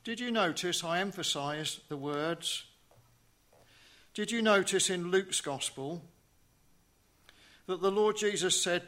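A man preaching a sermon in a measured way, asking rhetorical questions and dropping to a hush on key phrases. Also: sits high.

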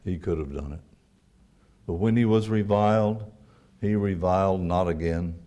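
A man's voice: sits low, normal speed, warm tone, dull audio. A man preaching a sermon, earnest, quoting scripture and asking his listeners rhetorical questions.

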